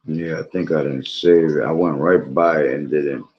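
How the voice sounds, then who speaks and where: A man's voice: a bass voice, fairly even intonation, moderate pace, dull audio. A man preaching about prophecy and reading scripture aloud, rambling and checking in with "all right?" while he is losing his voice. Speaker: bible teacher streamer.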